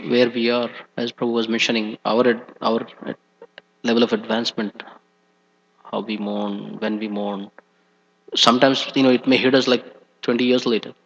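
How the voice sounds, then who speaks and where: Man leading a temple scripture class, gravelly voice with halting fillers, dull echoey hall sound. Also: medium pitch, flat delivery. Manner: hesitant, many fillers. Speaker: class speaker.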